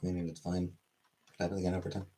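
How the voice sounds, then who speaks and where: A man's voice: low-pitched, completely flat delivery, fast talker, warm tone. A man chatting casually on a livestream, rambling and offhand, swearing now and then.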